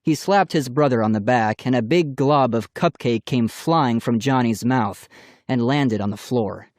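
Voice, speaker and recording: A man narrating a children's audiobook in a plain, steady storytelling voice. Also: mid-range voice, measured pace, dry recording, studio quality.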